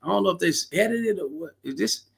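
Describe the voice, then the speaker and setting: A man's voice: high-pitched, lively intonation, fairly quick, vocal fry, a bit bright, slightly rough. A man reacting to a clip in casual commentary, blunt and crude, handing out streetwise advice to the fellas.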